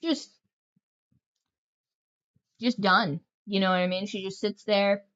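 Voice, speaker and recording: A woman's voice: mid-range voice, slow pace, fairly bright tone, dull audio. A woman game streamer chatting casually, telling rambling, joking stories with lots of fillers. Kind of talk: casual livestream chat.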